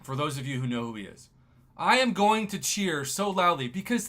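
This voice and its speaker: Man in his thirties from New Mexico; high-pitched, emotional livestream host. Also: moderate pace. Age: 30s. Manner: emotional, excitable, ranting. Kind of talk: casual livestream chat.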